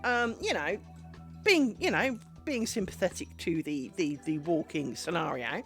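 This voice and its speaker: Animated, rambling woman streamer. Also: on the low side, normal speed, faint music behind. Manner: rambling, animated storytelling with many fillers. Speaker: craft streamer. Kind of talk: casual chat while making lace.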